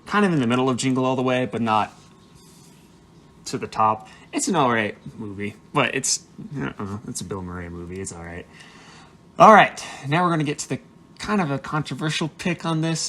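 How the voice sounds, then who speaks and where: A man's voice: medium pitch, lively intonation, a little fast, a bit bright. A young man chatting casually as a vlogger, rambling and restarting, with apologetic asides. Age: young adult. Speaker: vlogger ranking movies. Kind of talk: casual chat.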